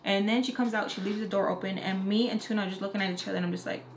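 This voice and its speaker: A woman telling a casual story time, talking in an animated way with plenty of slang and some cursing. Her voice sits at a medium pitch. Faint noise hangs under the recording. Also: very fast. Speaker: makeup artist and beauty vlogger.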